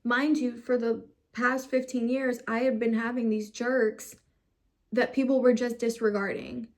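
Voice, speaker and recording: A woman's voice: on the high side, little pitch movement, a little slow. A young woman from the United States tells her own story to camera, frustrated and close to tears, swearing as her emotions rise. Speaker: vlogger.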